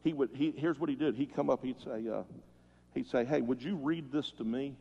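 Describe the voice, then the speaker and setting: A pastor preaching a sermon, telling stories that swell loud and then drop soft. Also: male voice, medium pitch, normal speed, vocal fry, slightly rough. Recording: muffled sound with long hall reverb.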